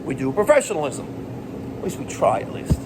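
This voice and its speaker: A middle-aged man, a plumbing business owner ranting to the camera in an animated, profane, exasperated way. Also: fairly high pitch, fairly quick, background noise. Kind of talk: rant vlog to camera.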